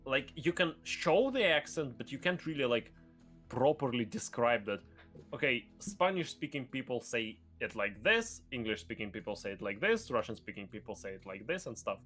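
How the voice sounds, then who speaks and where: A man chatting casually as a guest streamer, excitable and rambling, with many fillers and bursts of loud laughter. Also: medium pitch, moderate pace, soft background music. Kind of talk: casual chat.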